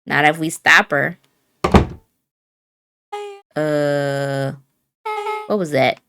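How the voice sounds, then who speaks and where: A woman's voice: sits low, fairly even intonation, extremely slow, over loud music. A woman streamer reading game character dialogue aloud in a playful way, changing her voice for each character. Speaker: let's play streamer.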